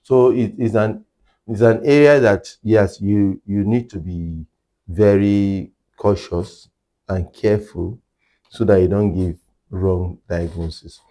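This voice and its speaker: Low-voiced man explaining clinical practice. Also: fairly even intonation, slow, warm tone. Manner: explains methodically, repeats key points for emphasis. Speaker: hearing care clinician. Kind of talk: explanatory interview talk.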